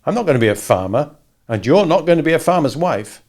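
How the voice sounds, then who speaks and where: A man voicing a resentful, sulky teenage boy, loud and complaining. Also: fairly high pitch, sing-song, fast talker, pitched above the performer's own voice. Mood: stubborn.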